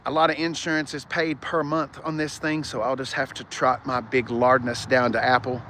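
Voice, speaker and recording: A man's voice: medium pitch, flat delivery, normal speed, bright, forceful tone, slight background noise. A man, hosting a rambling live-streamed car walkaround, chatting with viewers as he goes. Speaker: car show host. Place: outdoors on a car lot. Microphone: phone front camera.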